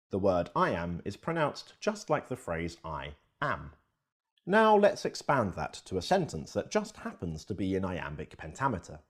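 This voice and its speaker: A man's voice: lowish voice, husky. A man giving scripted educational narration, reading expressively.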